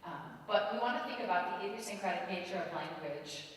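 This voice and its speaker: A woman's voice: fairly low pitch, a little fast, far from the mic. Woman lecturing in an echoey hall. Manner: lively, joking, animated storytelling. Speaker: choral conducting clinician. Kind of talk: conference workshop lecture. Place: conference hall. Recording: roomy hall, voice from afar.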